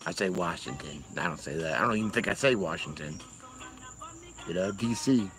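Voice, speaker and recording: This Massachusetts man has a low, expressive voice and speaks at a normal speed, with music playing behind him on a rough recording. He's on a livestream making casual chat, rambling, cursing and often breaking into laughter.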